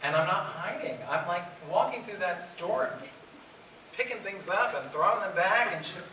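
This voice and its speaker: A man in his fifties with a Bronx accent, a drag performer telling comic stories on a convention panel, animated and laughing often. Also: sits high, moderate pace. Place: large convention hall. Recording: echoey hall from far off, background noise.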